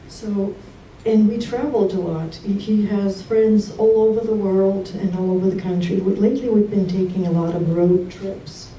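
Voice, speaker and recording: A woman giving a memorial speech for her late husband, telling warm stories and laughing often. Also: medium pitch. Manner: fond, storytelling, laughs often. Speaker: widow giving a eulogy. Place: memorial gathering in a hall. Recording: distant, roomy hall sound with faint background noise.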